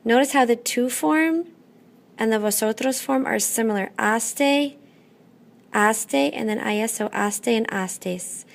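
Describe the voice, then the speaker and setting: Slow, gravelly-voiced woman teacher. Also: a little high. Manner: slow, patient, checks in with "okay?" often. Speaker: Spanish teacher. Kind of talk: classroom lesson.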